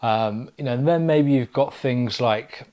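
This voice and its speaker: A man co-hosting a podcast, an estate agent who talks in a relaxed, reflective way in a living room. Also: mid-range voice, measured pace. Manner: relaxed, reflective, builds points with lists. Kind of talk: casual conversation.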